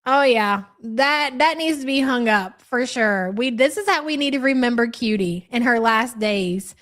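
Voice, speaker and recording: Young woman doing a live reaction stream, kinda high voice, cusses a lot, blunt. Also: animated, unhurried, fairly bright tone. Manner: blunt, swears freely. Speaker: livestream host.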